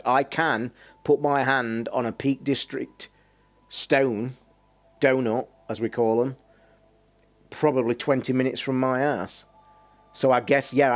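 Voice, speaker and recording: A man with a Derbyshire accent chatting casually with his stream viewers, telling rambling stories with plenty of swearing and laughter. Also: mid-range voice. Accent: East Midlands English (Derbyshire). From Derbyshire, England. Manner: sweary, rambling storyteller who laughs a lot. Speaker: livestream host.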